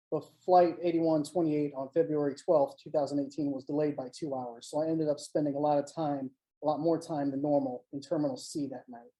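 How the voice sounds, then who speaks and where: An author giving a live online reading of a first-person short story, in a steady, measured storytelling manner. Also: mid-range voice, rough recording. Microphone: home mic on a live online stream.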